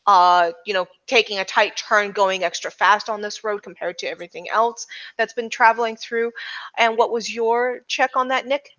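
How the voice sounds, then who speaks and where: A woman's voice: medium pitch, steady tone, moderate pace, a bit bright, lo-fi sound. A woman narrating a tabletop game as game master, in a loose, filler-heavy way with frequent restarts.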